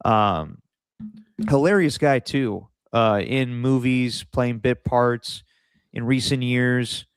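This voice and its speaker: Male podcast co-host, rambling storyteller, smooth clear voice, dry sound. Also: mid-range voice, slow, dry recording. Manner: rambling, anecdotal, lots of fillers. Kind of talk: casual sports podcast chat.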